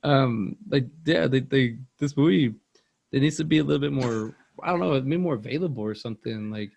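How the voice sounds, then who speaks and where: Podcast host, male, gravelly fry in the voice, loose rambling delivery, casual film talk. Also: medium pitch, a little fast, darkish tone, dull audio. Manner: rambling, loose, says "like" and "dude" a lot. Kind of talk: casual movie chat.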